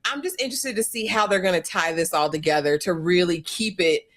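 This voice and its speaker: A woman hosting a live panel discussion, talking in a relaxed, chatty way and putting questions to her panelists. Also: on the low side, brisk. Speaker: host.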